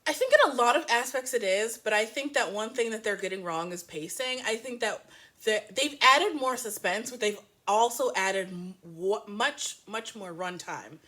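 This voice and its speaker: A woman reviewing a book and its TV adaptation in a casual, animated way, laughing often and making playful asides. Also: on the high side, normal speed.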